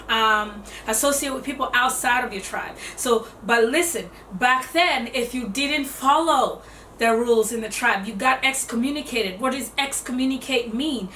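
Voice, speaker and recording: A woman's voice: a little high, fairly bright tone, echoey room, distant mic, a little hiss or hum. A woman giving casual self-development advice in a conversational way, explaining with rhetorical questions.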